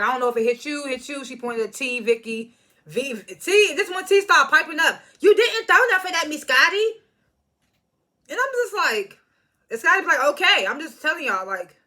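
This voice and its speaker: A woman's voice: sits high, sharp tone. Chatty woman recapping reality TV. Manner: chatty, laughs often, mimics cast members. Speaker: reality show reviewer. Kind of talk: casual recap commentary.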